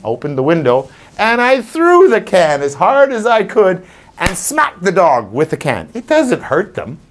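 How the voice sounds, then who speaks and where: A man who trains dogs, talking informally to a live audience and acting out scenes with little voices. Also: fairly high pitch. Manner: animated, acts out scenes with voices. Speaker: dog trainer.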